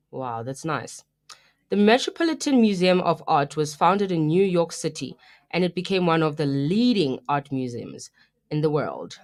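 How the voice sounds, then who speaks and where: A young South African woman co-hosting a live radio show, chatting and telling stories in a lively, casual way. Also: low-pitched. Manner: chatty, animated storytelling, mixing in local phrases. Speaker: radio co-host.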